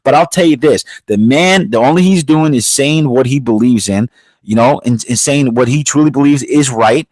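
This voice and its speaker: A man's voice: medium pitch, moderate pace, darkish tone, no echo. A man co-hosting a podcast, ranting bluntly in casual chat and calling himself a bit aggressive in the way he talks. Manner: blunt, profane, calls himself aggressive-sounding. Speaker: podcast co-host. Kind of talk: casual opinion rant.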